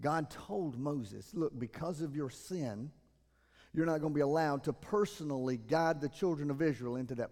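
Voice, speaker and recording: A man, preaching a sermon as pastor in a church, moving between loud emphatic passages and quiet, earnest asides. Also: on the high side. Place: church sanctuary. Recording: long hall reverb.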